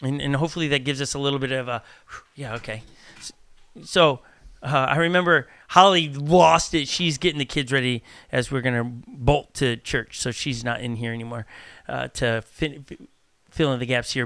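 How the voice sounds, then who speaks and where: A man, a pastor hosting a casual church podcast, talking in an animated way, acting out little dialogues and often restarting his sentences. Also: mid-range voice, smooth, no room sound. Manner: animated, acts out quoted dialogue, frequent restarts. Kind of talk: casual chat.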